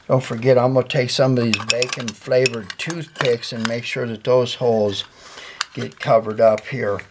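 A man, hosting a workshop how-to vlog about building guitars, folksy and joking as he talks viewers through his work. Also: mid-range voice. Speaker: guitar builder, channel host.

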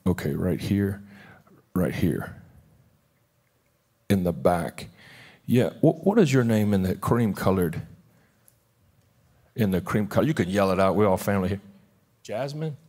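A man's voice: deep voice, big pitch swings, measured pace, pauses often, a little mellow, breathy edge. A man pastoring a church service, talking in an informal, heartfelt way with many restarts, then praying. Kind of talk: sermon and prayer. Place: church sanctuary.

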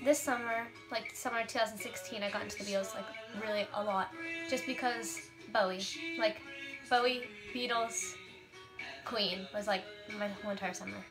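A woman's voice: mid-range voice, fairly even intonation, normal speed, over music. Giggly young woman chatting casually. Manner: casual, lots of "like" fillers, giggly. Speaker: guest answering tag questions. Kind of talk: casual chat.

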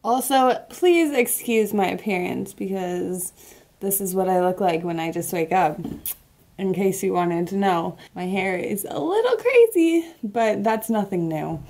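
A woman's voice: mid-range voice, animated, unhurried, a little mellow. A young woman from the United States talking casually and cheerfully to her camera, teasing herself as she goes. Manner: upbeat, chatty, self-teasing. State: out of breath. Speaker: vlogger. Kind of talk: casual vlog talk to camera.

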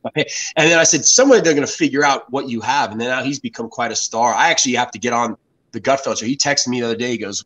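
Talking fast in a mid-range, fairly bright voice, this American guest in his fifties rambles through stories during a casual interview, frequently starting sentences over. The recording quality is low.

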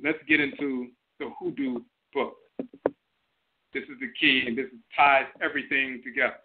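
A man hosting an internet radio broadcast, lecturing and explaining terms one by one, repeating each definition. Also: mid-range voice. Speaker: host and lecturer. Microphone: phone line to an internet radio show. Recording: tinny phone-line audio.

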